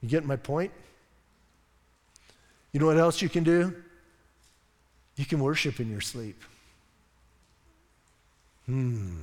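A man preaching a sermon as a pastor, conversational and enthusiastic, addressing a congregation in a church. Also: a little high. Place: church sanctuary. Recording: long reverb in a church hall.

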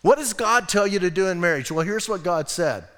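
A male pastor preaching a sermon, emphatic, often calling "listen" to the congregation and swinging between loud bursts and soft low asides. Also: animated, fairly quick, big-room sound.

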